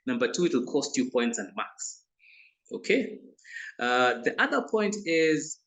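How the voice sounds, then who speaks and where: A man's voice: medium pitch, sing-song, measured pace, a bit bright, low-quality recording. A man with a Ugandan English accent coaching law students on oral submissions, giving firm, numbered warnings in an instructive manner. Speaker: moot court trainer. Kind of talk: advocacy coaching talk.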